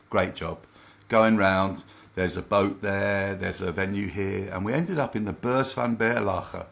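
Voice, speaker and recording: A man working as a confidence coach, telling lively anecdotes in a casual interview and acting out quoted remarks. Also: on the low side, creaky.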